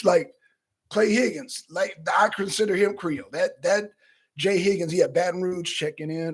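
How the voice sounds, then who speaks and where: A man co-hosting a talk show, talking in a loose, profane, animated way and often acting out his own reactions. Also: sits high, moderate pace, husky. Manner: animated, loose and profane, slips into quoting himself. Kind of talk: casual profane commentary.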